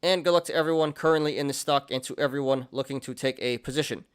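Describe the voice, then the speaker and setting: Brief: young male host, casual market commentary, loose and chatty, laughs a lot, middle pitch. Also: fairly even intonation, fast talker, smooth. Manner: chatty, laughs often, many fillers and restarts. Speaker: stock and crypto show host.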